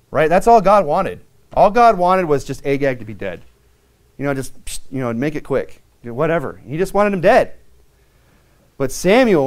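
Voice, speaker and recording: Man preaching an animated sermon. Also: fairly high pitch. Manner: animated storytelling with acted-out quotes. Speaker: pastor.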